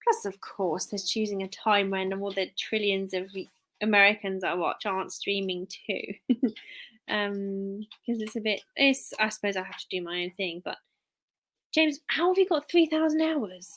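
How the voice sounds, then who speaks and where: A woman's voice: medium pitch, normal speed, fairly bright tone. A woman chatting casually on a live stream, rambling and restarting sentences as she reads out viewer names. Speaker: live streamer, work-from-home mum.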